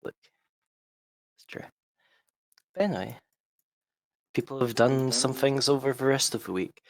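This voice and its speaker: A man's voice: medium pitch, normal speed, no echo. A man running a tabletop game as game master, keeping things moving with casual chat and dry, wry humor.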